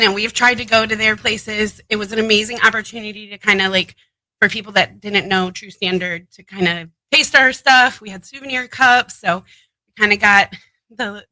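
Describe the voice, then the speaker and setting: Chatty woman guest, really bright voice, dry close mic. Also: medium pitch, no room sound, low-quality recording. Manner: chatty, enthusiastic. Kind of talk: casual interview.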